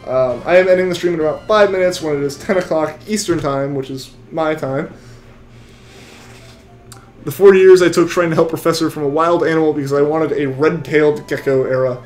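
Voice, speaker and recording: A man's voice: fairly high pitch, a little fast, darkish tone, echoey room, faint music behind. A young man live-streaming a game, chatting with viewers in a rambling, casual way. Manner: rambling, chatty, full of restarts. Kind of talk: live-stream chat while shiny hunting.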